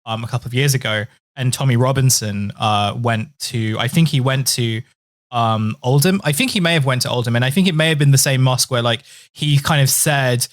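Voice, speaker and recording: A man's voice: mid-range voice, fairly quick. A man in a podcast chat, musing hesitantly with many fillers and restarts. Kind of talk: casual chat.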